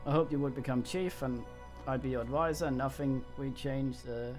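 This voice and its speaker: A man's voice: mid-range voice, moderate pace, soft background music, lightly acted. A man voicing a resentful female tribal advisor from a game, reading the dialogue aloud in his own plain voice with small stumbles. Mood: reproachful. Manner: reads dialogue aloud flatly, stumbles on words.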